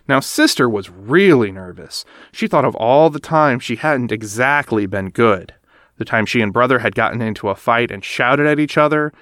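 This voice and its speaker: A man reads a children's storybook aloud in an animated, expressive way. His pitch swings widely, and the sound is dry and close. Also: normal speed, no echo. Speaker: narrator.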